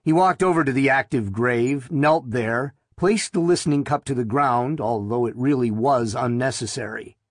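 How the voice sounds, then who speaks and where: A man narrating an audiobook in a measured, deliberate reading voice. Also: mid-range voice, no echo, studio quality.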